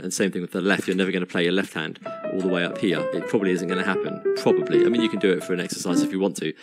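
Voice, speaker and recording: A man with a very low voice gives a casual piano lesson, talking easily and counting beats aloud while he plays. Loud piano keeps sounding behind his voice. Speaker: piano teacher. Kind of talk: casual instructional talk over piano playing.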